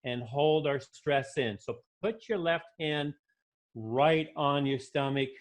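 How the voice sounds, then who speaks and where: A man presenting a webinar lesson, calmly coaching listeners through guided breathing and stress-release steps. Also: a little high. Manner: calm, coaching, drawn-out guided instructions. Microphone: video call. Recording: dull lo-fi webinar audio.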